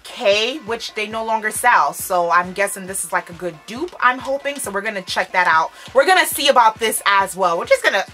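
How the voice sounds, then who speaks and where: A young adult woman hosting a casual makeup first-impression vlog, bubbly and expressive, full of slang. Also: medium pitch, a little fast, hardly any pauses, faint music behind. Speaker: beauty vlogger. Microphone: camera framed close.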